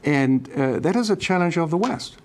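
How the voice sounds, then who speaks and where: A man's voice: a little high, animated, moderate pace, darkish tone. A man from Germany, a foreign policy expert, answering interview questions in a hesitant way with many fillers and restarts.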